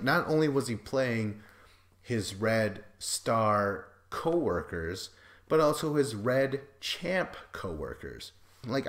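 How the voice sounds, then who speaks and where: A man hosting a podcast, recapping a reality show in a loose, profane, joking way, full of fillers and quoted asides. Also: medium pitch. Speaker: podcast host. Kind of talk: casual recap chat.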